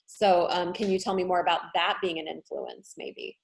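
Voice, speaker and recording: Lower-voiced woman host on a video call, asks guests curious questions. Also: animated, normal speed, creaky. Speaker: host, solo show coach. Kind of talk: webinar interview questions.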